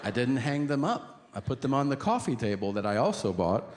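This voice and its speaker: A middle-aged male comedian tells profane stories on stage at a mid pitch. He slips in and out of characters and launches into loud rants. Steady background noise sits under his voice, as in a live recording. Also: a little fast. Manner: profane, animated, acts out characters and yelling. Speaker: stand-up comedian. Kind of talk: stand-up comedy storytelling.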